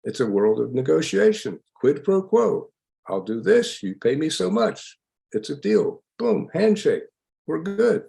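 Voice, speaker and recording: An older man, a psychologist, explaining ideas in an emphatic lecture style with a gravelly voice. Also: on the high side, a little slow. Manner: lively, emphatic, laughs while explaining. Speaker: psychologist guest. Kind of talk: lecture-style interview answers.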